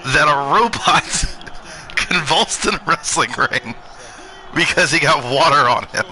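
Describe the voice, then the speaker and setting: Bright, sharp-voiced amused man. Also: on the high side, lively intonation, measured pace, rough recording. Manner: reacting with amused interjections. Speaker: podcast co-host. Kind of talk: casual chat.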